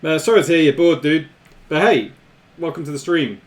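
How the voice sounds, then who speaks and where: A man's voice: a little high, fairly quick. A man hosting a live stream, chatting casually with viewers, laughing often and repeating himself.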